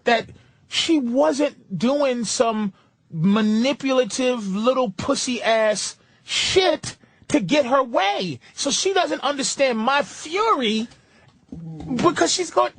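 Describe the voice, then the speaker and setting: A man on an uncensored radio show, animated and profane as he preaches his opinions. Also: very high-pitched, dry recording. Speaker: radio show comedian guest.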